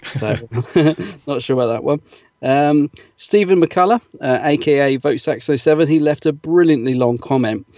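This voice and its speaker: A man's voice: a little high, moderate pace, darkish tone, no room sound. Chatty man, dry close mic. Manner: chatty, filler-heavy, laughs easily. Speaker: podcast co-host. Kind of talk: casual chat, reading out listener comments.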